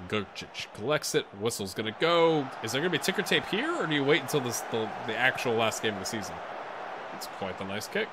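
A man doing a tired but excitable, jokey play-by-play while he plays a game on video, with asides to his viewers. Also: medium pitch, a little fast, noisy background. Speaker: gaming YouTuber. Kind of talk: let's play commentary.

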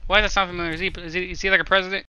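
A young man giving casual gameplay commentary, swearing and yelling at other players, then joking about himself. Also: high voice, level tone, very fast, muffled recording, a little hiss or hum. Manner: loud outbursts, swearing, self-mocking jokes. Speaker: gaming streamer.

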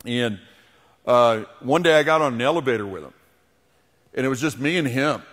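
Middle-aged male pastor, mid-pitched, preaching and praying, long hall reverb. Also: animated, normal speed, fairly bright tone. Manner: storytelling, then leading a prayer. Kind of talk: sermon. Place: church sanctuary.

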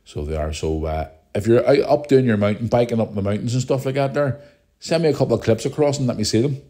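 A man's voice: medium pitch, fast talker, mellow. A Northern Irish man hosting a podcast, chatting casually in a rambling, teasing way. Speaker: podcast host.

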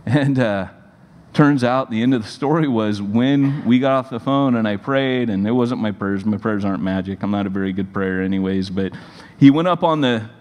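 A man in his forties, a pastor, giving a sermon in a conversational, animated storytelling manner. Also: fairly low pitch, moderate pace, dull audio. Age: 40s. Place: church sanctuary. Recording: long reverb of a large hall.

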